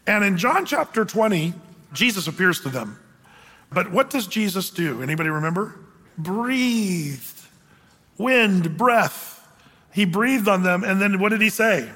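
A man's voice: sits high, lively intonation, measured pace, fairly bright tone, big-room sound. A male pastor teaching a sermon verse by verse, talking conversationally, asking his congregation questions and reading scripture aloud.

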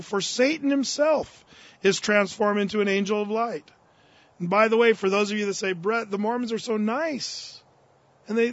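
A man's voice: sits high, a bit bright, no room sound, lo-fi sound. A man preaching a sermon, reading scripture aloud and then paraphrasing it in casual, fervent speech. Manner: fervent, rising in force on key verses. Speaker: pastor. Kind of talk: expository sermon.

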